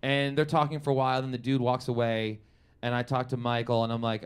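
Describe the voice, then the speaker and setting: A man's voice: mid-range voice, quick pace, smooth. A man telling a comedic true story to a live audience, acting out the quoted voices. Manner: animated, acts out quotes in big voices.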